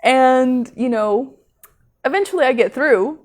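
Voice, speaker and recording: Brief: woman vlogger, pitch a touch high, animated storyteller, frequent laughs and "like" fillers. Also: measured pace. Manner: chatty, animated, laughs often mid-sentence; heavy use of "like" and "you know" as fillers. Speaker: vlogger on manifesting. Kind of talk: casual storytelling to camera.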